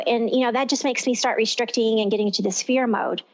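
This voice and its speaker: A woman's voice: on the high side, fairly quick. A woman from Texas hosting a talk radio show, explaining in long flowing sentences. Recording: lo-fi radio sound.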